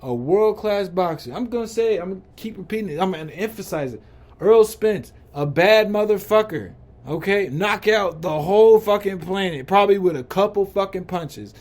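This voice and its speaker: A man's voice: high voice, animated, brisk, hardly any pauses, darkish tone. A man hosting a podcast, ranting in a heated, profane way and repeating rhetorical questions. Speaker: podcast host. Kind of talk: ranting commentary.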